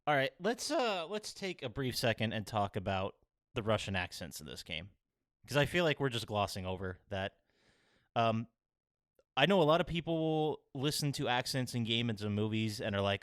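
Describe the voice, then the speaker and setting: A man's voice: lowish voice, big pitch swings, moderate pace, fairly bright tone. A man co-hosting a casual podcast chat, joking and steering the talk. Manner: jokey, steers the discussion. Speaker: podcast co-host.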